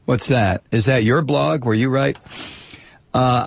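A man's voice: medium pitch, steady tone, takes it slowly, vocal fry, long pauses, dry recording. A man hosting political talk radio, sardonically reading listener mail aloud and drifting into rambling asides. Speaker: radio talk show host.

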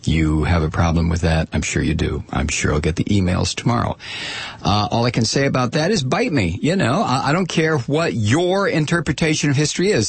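Gravelly, ranting male radio host. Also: mid-range voice, sing-song, a little fast, no room sound. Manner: ranting, sarcastic, combative. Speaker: radio talk show host. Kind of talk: opinionated radio monologue.

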